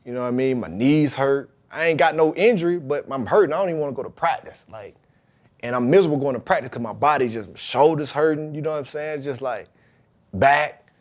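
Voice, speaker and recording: A man, a pro football player, talking as a podcast guest, telling his story about faith and football in a lively, emphatic way. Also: medium pitch, a little fast. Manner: emphatic, animated retelling with acted-out quotes.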